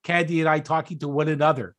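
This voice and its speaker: A man co-hosting a podcast in casual chat, with a dry, halting, self-deprecating way of talking. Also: a little high, little pitch movement, fairly bright tone. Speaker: podcast co-host.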